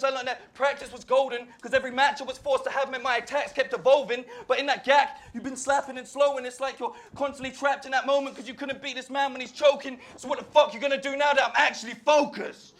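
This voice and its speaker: A man's voice: very high-pitched, level tone, quick pace, few pauses, a bit bright. A man rapping confident, relentless rhymed insults in a rap battle. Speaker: battle rapper.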